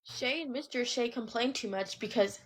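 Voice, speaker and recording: A soft-spoken woman on a group livestream, making dry remarks in casual chat. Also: on the high side, normal speed. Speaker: livestream guest.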